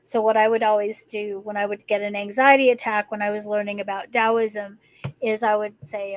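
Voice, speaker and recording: A woman's voice: medium pitch, little pitch movement, normal speed, poor audio. A woman hosting a live stream, talking casually and rambling, with many restarts and fillers. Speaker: livestream host. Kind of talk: casual spoken talk.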